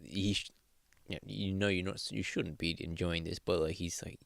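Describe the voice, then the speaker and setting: A man co-hosting a podcast, retelling film scenes in casual chat, swearing freely and excitedly. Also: sits low, normal speed, gravelly, no echo. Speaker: podcast co-host.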